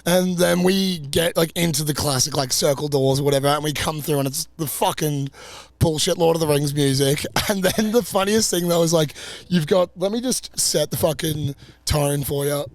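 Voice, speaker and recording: A young man co-hosting a podcast, telling travel stories in a lively, laughing, foul-mouthed way. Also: fairly high pitch, moderate pace, no echo. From Australia. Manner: animated, laughing, swearing storyteller. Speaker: podcast co-host. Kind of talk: casual travel storytelling.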